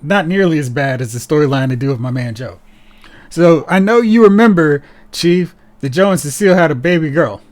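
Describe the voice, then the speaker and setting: Podcast host, male, fairly high voice, lively and sarcastic in relaxed chat. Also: fairly quick. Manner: animated and sarcastic, mocking characters in put-on voices.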